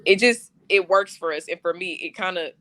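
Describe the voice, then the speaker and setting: Guy on a podcast, bright sharp voice, slangy and swearing a lot, just chatting. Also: sits high, brisk. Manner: animated storytelling with heavy slang and swearing. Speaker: podcast co-host. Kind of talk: casual podcast chat.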